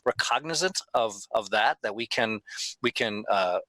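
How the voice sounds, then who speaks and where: A man's voice: on the low side, lively intonation, normal speed, bright, forceful tone, dry recording, low-quality recording. A middle-aged man who organizes a gaming convention talks in casual chat, emphatic and full of restarts, sometimes swearing.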